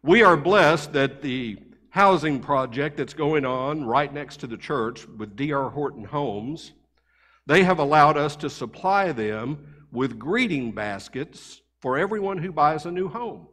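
Storytelling pastor, higher voice, church echo. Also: male voice, a little slow. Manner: conversational, animated anecdotes. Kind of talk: sermon storytelling. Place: church sanctuary.

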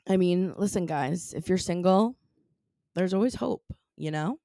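A woman's voice: on the low side, measured pace, dark tone, no room sound, clean studio sound. A woman co-hosting a podcast, chatting casually and playfully, with lots of fillers. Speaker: podcast co-host. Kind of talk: casual chat.

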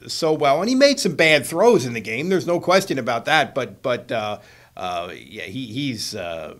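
A man, a sportswriter and co-host, talking football in a casual chat, often restarting his sentences and trailing off quietly. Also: mid-range voice, very animated, moderate pace.

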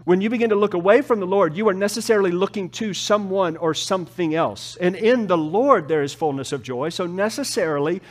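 A man preaching a sermon as pastor, with emphatic rises and soft, slow, drawn-out drops. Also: sits high. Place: church.

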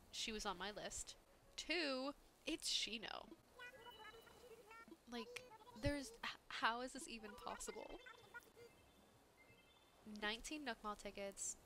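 A woman's voice: fairly high pitch, noisy background. A young woman hosting a gaming channel, chatting casually to viewers with frequent giggles as she plays. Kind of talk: casual gameplay commentary. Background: background game music.

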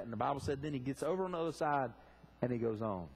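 A man's voice: a little high, sing-song, fast, darkish tone, slightly rough. A man preaching a sermon in a church, fervently asking the congregation direct questions. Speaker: pastor. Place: church sanctuary.

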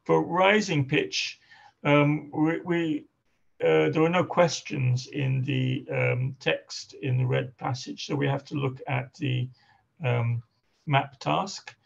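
A male lecturer talks through a seminar in a deeply gravelly, husky voice, stopping often on fillers and restarting his sentences. The recording is muffled and lo-fi. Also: fairly even intonation, takes it slowly. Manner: hesitant, many fillers and restarts. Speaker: linguistics lecturer. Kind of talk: academic seminar talk.

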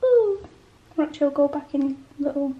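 A woman chatting excitedly in a casual home vlog, cooing softly at times, indoors at home. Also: high voice, normal speed, dull audio. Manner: chatty and excitable, coos softly to her pet.

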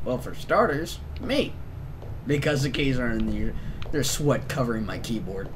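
A man's voice: medium pitch, lively intonation, moderate pace, background noise. A man playing a horror game with a friend, jumpy and panicky, often breaking into frantic screaming. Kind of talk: let's play commentary. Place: at a home computer.

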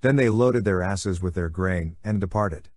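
Male host for a Bible reading, low and measured, close and dry. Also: dry recording. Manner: measured, steady scripture reading. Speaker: Catholic podcast host reading scripture.

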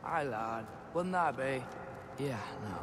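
A man's voice: on the high side, unhurried, noisy background, lightly acted. An actor playing an eager teen boy hero. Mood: earnest. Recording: game audio over music.

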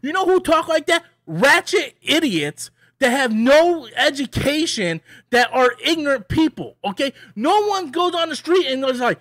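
Brief: higher-pitched male vlogger, dry close sound, rambling and opinionated, stumbles and restarts often. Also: very animated, moderate pace, hardly any pauses, a bit bright, no echo. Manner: rambling, many restarts and repeats; annoyed, opinionated. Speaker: movie reviewer. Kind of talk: casual ranting review.

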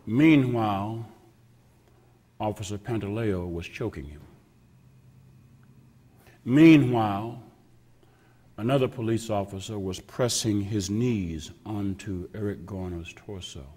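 A man preaching a sermon as pastor, slow and emphatic, repeating phrases with heavy pauses and sometimes dropping to a whisper. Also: lowish voice, darkish tone, breathy edge. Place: church sanctuary. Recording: long reverb of a church hall.

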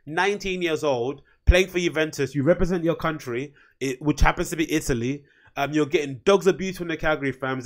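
Heated, profane man ranting solo. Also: on the high side. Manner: blunt, profane, rambling, heated. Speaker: podcast host. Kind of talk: casual solo rant.

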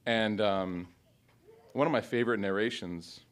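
Guy teacher giving a graduation speech, lowish voice, emotional story, recites arabic. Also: measured pace.

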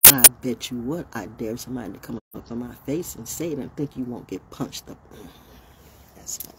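A woman's voice: a bass voice, moderate pace. A woman giving a blunt, passionate monologue, talking straight to her listeners in a casual and emphatic way. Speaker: motivational speaker. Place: outdoors, birds and passing vehicles. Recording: noisy outdoor recording.

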